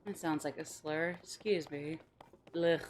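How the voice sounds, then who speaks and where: A woman's voice: deep voice, fairly even intonation, measured pace, darkish tone, slight background noise. A young woman streaming a video game, chatting playfully with her viewers and laughing often. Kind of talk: casual gameplay commentary.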